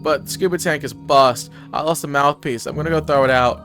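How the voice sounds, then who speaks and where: A man's voice: on the high side, brisk, a bit bright, natural voice. A man voicing a laid-back, cheerful surfer-dude priest who talks in slangy, drawling dude speech. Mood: chill. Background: music.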